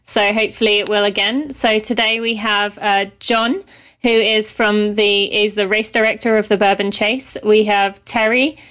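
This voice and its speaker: A woman with a British accent hosting a podcast interview, chatty and quick to laugh, often correcting herself mid-sentence. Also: medium pitch, little pitch movement, fairly bright tone. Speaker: podcast host. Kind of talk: casual interview chat.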